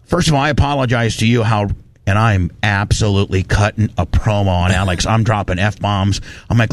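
A man hosting a radio show, telling a story in a fired-up, animated rant and quoting people as he goes. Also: on the low side, brisk, dry recording. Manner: animated, fired-up, quotes people in his retelling. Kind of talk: casual on-air storytelling rant.

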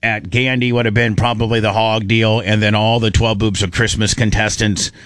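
Man, radio host, casual storytelling, animated, dry sound. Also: fairly low pitch, normal speed, no room sound. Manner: animated storyteller, acts out quotes.

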